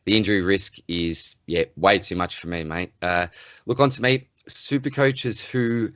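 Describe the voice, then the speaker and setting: An Australian man co-hosting a casual sports podcast, ranting in an animated, exasperated way. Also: deep voice, moderate pace, dry recording, dull audio. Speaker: podcast co-host.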